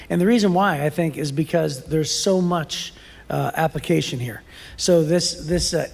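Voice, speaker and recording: A man's voice: fairly high pitch, vocal fry, a little mellow, big-room sound. A man co-hosting a Bible podcast, talking in a casual, rambling way with fillers and restarts. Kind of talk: casual chat.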